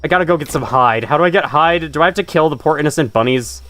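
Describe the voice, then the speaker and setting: A man's voice: fairly high pitch, fast, fairly bright tone, a little hiss or hum. A young man chatting and laughing while playing a game live, talking to the creatures on screen. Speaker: streamer. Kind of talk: live gameplay commentary. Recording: faint music in background.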